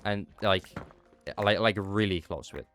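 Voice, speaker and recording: A young man from the Netherlands chats loosely with his stream chat while he plays. His voice sits very low, and a cold has left his nose stuffed. Faint music plays underneath. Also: normal speed, fairly bright tone. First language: Dutch. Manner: chatty, answers chat while playing. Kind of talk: casual chat while gaming.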